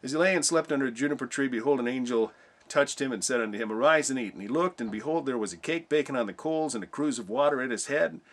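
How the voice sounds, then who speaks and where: A man's voice: mid-range voice, fast talker. Give me a man in a conversational Bible teaching, posing rhetorical questions. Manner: conversational, rhetorical questions, reads scripture aloud.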